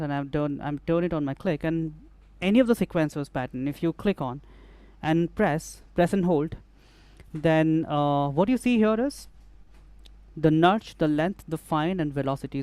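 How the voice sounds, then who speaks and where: A man's voice: a little high, moderate pace, darkish tone, smooth, dry recording. A man demonstrating music production gear in a tutorial, explaining step by step and often repeating phrases as he works. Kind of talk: hands-on software tutorial.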